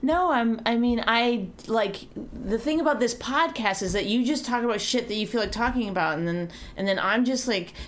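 A woman comedian co-hosting a podcast, chatting casually and telling profane, animated stories. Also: on the high side, normal speed, few pauses. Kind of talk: casual chat.

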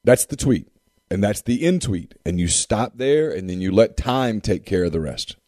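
A man's voice: on the low side, lively intonation, normal speed, warm tone, no echo, studio quality. A man co-hosting a casual sports talk show with an emphatic, repetitive way of making his points. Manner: emphatic, repeats phrases for effect.

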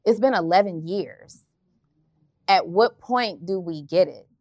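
A woman's voice: fairly low pitch, animated, measured pace, a little mellow, dry recording, clean studio sound. A woman on a panel asking direct, pointed questions. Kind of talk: casual panel discussion.

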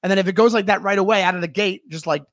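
A man's voice: high-pitched, racing, a bit bright, no echo, clean studio sound. A man in casual conversation, chatty and full of advice, acting out little quoted lines as he talks. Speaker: podcast co-host. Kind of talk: casual chat.

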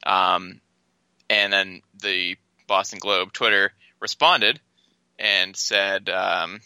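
Bright-voiced man, close and dry. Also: low-pitched, fairly even intonation, extremely slow, clean tone, no echo, rough recording. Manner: teasing, matter-of-fact opinions. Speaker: podcast co-host. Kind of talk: casual sports chat.

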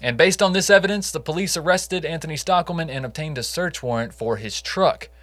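A man's voice: a little high, fairly quick, a bit bright, dry recording. A man co-hosting a casual true crime podcast, telling the case in a conversational way with jokey asides. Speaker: podcast co-host.

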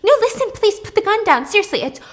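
A woman's voice: sing-song, quick pace. A woman voicing a panicked young woman who stammers and pleads with someone holding a gun. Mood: panicked pleading. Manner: frantic, stammering, high-pitched pleading.

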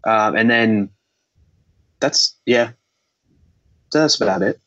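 A man's voice: fairly low pitch, slow, fairly bright tone, muffled recording. A man on a video call, chatting casually about his work, rambling and self-deprecating. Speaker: guest security developer. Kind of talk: casual podcast discussion.

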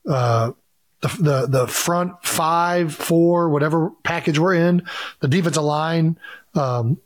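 A man's voice: a little high, slow pace, dry recording, studio quality. A man in his thirties co-hosting a podcast, talking football animatedly with emphatic rhetorical questions. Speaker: podcast co-host, football player. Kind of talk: casual sports chat.

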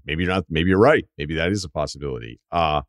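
A man in his forties, a podcast host telling a story in casual chat, animated and jumping into loud impressions of people. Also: extremely low pitch, quick pace, no room sound, studio quality. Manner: animated, swings into loud mimicking voices.

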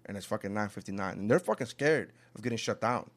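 A man in casual podcast chat, swearing a lot and acting out quotes with big shifts in loudness. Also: medium pitch, racing, hardly any pauses. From South Florida. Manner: animated, profane, acts out quotes.

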